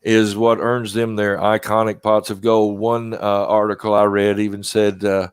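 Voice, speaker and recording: A man's voice: fairly low pitch, level tone, normal speed, clear, resonant tone. A man hosting a podcast, talking casually with lots of fillers and self-deprecating asides. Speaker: podcast host.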